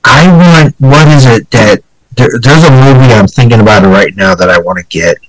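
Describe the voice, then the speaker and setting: A male podcast host chats casually while fighting off the flu. He stops and restarts often, filling gaps with ums. His voice sounds close and dry, with no room echo. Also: mid-range voice. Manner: halting, many fillers and restarts. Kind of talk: casual chat.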